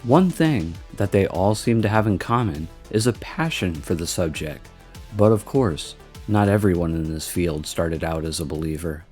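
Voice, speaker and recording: A man reading scripted documentary narration in a measured, even way. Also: low voice, faint music behind.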